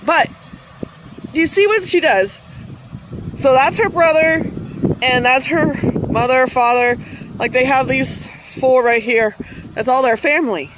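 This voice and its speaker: A woman vlogging outdoors in a town cemetery, talking in a halting, musing way, repeating phrases and getting emotional. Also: sits high. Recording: outdoor street noise. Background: passing traffic.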